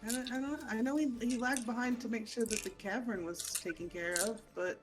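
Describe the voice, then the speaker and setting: A woman's voice: on the high side, fairly quick, faint music behind. A woman playing a tabletop game who talks in a hesitant, stumbling way. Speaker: player. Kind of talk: casual tabletop play.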